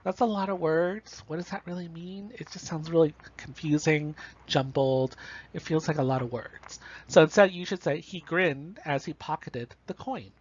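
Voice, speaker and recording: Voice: medium pitch, fairly even intonation, moderate pace, a little mellow, a little hiss or hum. A college instructor giving a recorded online lecture on writing, casually talking through examples and often checking in with "right?" and "you know". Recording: slightly dull, dry recording.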